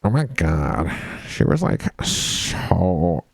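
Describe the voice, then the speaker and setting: A man voicing an annoying, gossipy young valley-girl woman in a whispered role-play, with gushing, drawn-out words. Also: sits low, sing-song, gravelly, breathy edge, dry recording, pitched below the performer's own voice, full character voice.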